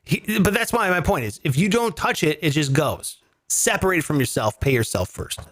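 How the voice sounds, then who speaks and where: Animated joking male podcast host. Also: a little high, moderate pace. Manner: animated, swearing, joking rants. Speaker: comedy finance show host. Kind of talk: casual comedic podcast talk.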